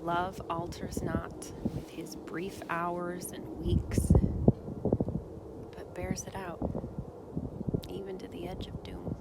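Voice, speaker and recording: An earnest Minnesotan woman reciting a sonnet, as a performer puts her on, with a Minnesotan accent and a lowish voice. She draws her lines out slowly and drops into hushed whispers. Loud traffic noise runs behind her. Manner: slow, dramatic, dropping to whispers.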